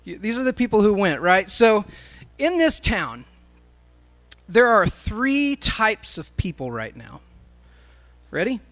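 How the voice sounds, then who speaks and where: A man's voice: high voice, sing-song, slow, a bit bright. A man speaking to a live congregation, telling a story in a sermon as he addresses the crowd directly.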